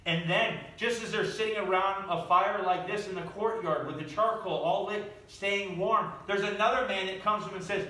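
Animated man preaching in an echoey church. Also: high voice, moderate pace, hardly any pauses. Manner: animated, asks the audience questions. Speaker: pastor. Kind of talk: sermon storytelling. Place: church sanctuary. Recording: echoey room, from far off.

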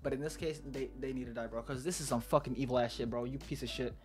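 A man reading a webtoon aloud and reacting with loud, profane, excitable outbursts. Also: medium pitch, fast talker, soft background music.

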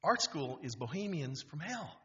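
A man's voice: fairly high pitch, normal speed, a little hiss or hum. A man in his fifties from Wisconsin, a guest speaker telling a humorous story with lots of restarts in a university auditorium. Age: 50s. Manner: animated, humorous, full of restarts. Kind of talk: storytelling talk. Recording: dull auditorium recording.

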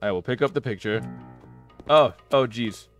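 A man hosting a gaming channel, giving casual commentary on a horror game, talking to himself and yelling when panicked. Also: mid-range voice, normal speed, soft background music. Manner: excitable, talks to himself and yells in panic.

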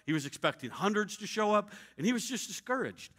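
A middle-aged male pastor telling a story in a sermon, acting out the dialogue with shouts and laughter. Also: high-pitched, very animated, fairly quick.

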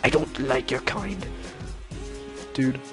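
A man giving let's-play commentary, excitable and silly, breaking into shrieking high-pitched yelps whenever he fails. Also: slow, faint music behind. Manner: silly self-mocking banter. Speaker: gameplay commentator.

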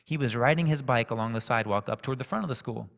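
A man preaches a sermon, telling a personal story in a calm, conversational way. His voice sits at a middle pitch. The sound carries the long reverb of a church sanctuary. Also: rapid-fire, creaky.

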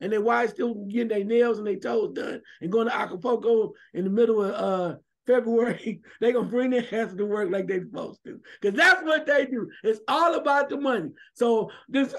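A man co-hosting a sports radio show, giving emphatic, animated opinions and shouting now and then. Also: extremely high pitch, moderate pace.

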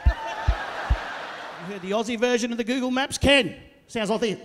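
A middle-aged man performs stand-up comedy in a large theatre, his voice pitched high and his delivery loud and animated. He shouts his punchlines and slips into quoted voices. The sound carries a long reverb from the hall. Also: measured pace, long pauses.

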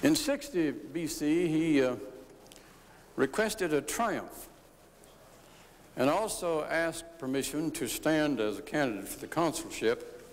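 An older man delivers a formal history lecture from the floor of a legislative chamber. He speaks slowly and deliberately, pausing often between phrases. A long reverb hangs on his voice, with a faint hiss beneath. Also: on the high side, sing-song. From United States. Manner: measured, deliberate delivery with frequent pauses and "uh" fillers. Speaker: senator giving a floor speech.

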